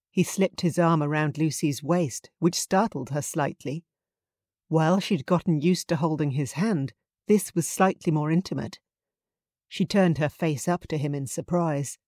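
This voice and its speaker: A woman narrates a novel in a calm, even manner. Her voice sits very low, and the recording is close and completely dry. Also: a little slow, no room sound. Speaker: audiobook narrator. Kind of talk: scripted narration.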